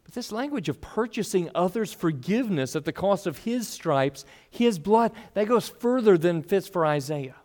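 A man preaching a sermon in a fairly high voice. He reads scripture aloud and acts out the people in the story, with plenty of expression. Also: animated, normal speed, hardly any pauses, darkish tone.

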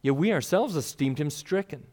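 Expressive preacher, a man with a raised voice. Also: a little high, normal speed. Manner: expressive, voices the people in the story. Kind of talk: sermon.

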